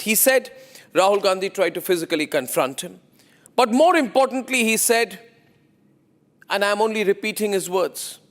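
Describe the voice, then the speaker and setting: A male news anchor delivering an emphatic, opinionated monologue full of repetition and rhetorical questions. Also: sits high.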